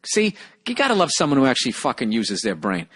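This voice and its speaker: A man's voice: mid-range voice, huge pitch swings, fast talker, fairly bright tone, slightly rough. Profane ranting man in a hotel room. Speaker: podcast host. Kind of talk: solo podcast monologue reading listener mail. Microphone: single microphone.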